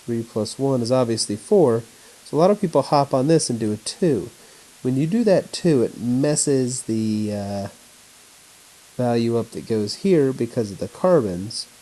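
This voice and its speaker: A male teacher walking through a chemistry lesson at home on his laptop, in a flat, announcer-like voice. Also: medium pitch, measured pace, rough recording. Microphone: laptop mic.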